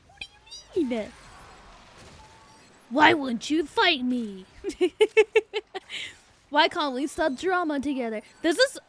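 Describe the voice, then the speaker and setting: High-voiced excitable young woman streamer. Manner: excitable, swearing, laughing often. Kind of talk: casual stream chat.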